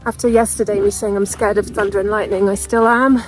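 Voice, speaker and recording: A young woman talking casually to her camera as she walks, chatty and candid, with quick asides. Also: mid-range voice, flat delivery, soft background music, rough recording. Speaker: vlogger. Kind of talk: casual travel vlog narration.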